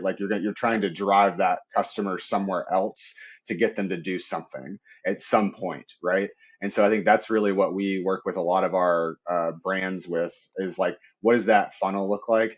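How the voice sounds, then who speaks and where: A man's voice: deep voice, muffled recording. A man speaking as a podcast guest in a loose, chatty way, leaning on "like" and tagging "right?" onto his points. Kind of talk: casual interview talk.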